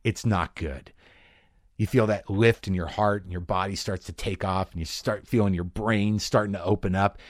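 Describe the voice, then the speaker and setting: A man's voice: moderate pace, no echo. Man telling a wild story, dry close mic. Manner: animated, acts out his own panicked voice in high bursts. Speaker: podcast host. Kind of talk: comic monologue storytelling. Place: garage studio.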